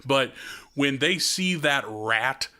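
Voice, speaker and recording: A man in his thirties co-hosting a casual podcast chat, excitable, swearing and laughing a lot. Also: medium pitch, slow. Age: 30s. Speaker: podcast co-host.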